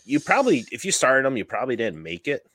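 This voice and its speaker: A man hosting a casual fantasy football podcast, chatty and quick to laugh at himself. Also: medium pitch, big pitch swings, fairly bright tone, no room sound. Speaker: podcast host.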